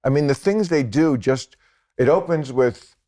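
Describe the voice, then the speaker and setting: A man's voice: mid-range voice, unhurried, dark tone. An American man in his sixties, a comedian talking as a guest in casual chat, sardonic and profane, with laughing asides.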